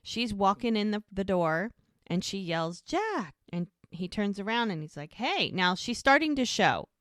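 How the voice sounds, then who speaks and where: A woman's voice: mid-range voice, lively intonation, moderate pace, fairly bright tone, no room sound, studio quality. A woman co-hosting a casual podcast, retelling a TV episode scene by scene and acting out the characters' lines. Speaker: podcast co-host. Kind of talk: casual rewatch podcast recap.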